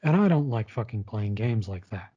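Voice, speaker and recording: A man with a lowish, husky voice tells a personal story about his retail job at a moderate pace. He's expressive, casual, frank and blunt, and swears freely. The recording is dull and lo-fi.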